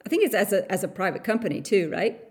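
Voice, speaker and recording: A woman from Canada hosting a podcast interview over a call, chatty and quick to laugh. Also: mid-range voice, sing-song. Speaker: podcast host. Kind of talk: casual interview chat. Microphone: remote call.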